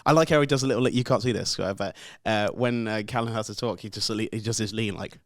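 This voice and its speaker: A man's voice: lowish voice, fast talker, dry recording, clean studio sound. Chatty man co-hosting a podcast. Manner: chatty and jokey, many fillers. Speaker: podcast co-host. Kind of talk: casual chat. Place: podcast studio.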